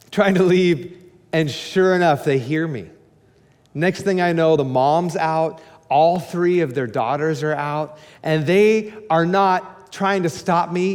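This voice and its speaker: High-voiced animated preacher man. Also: big-room sound. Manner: animated, candid, jumps to high excited shouts. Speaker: pastor. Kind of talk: storytelling sermon.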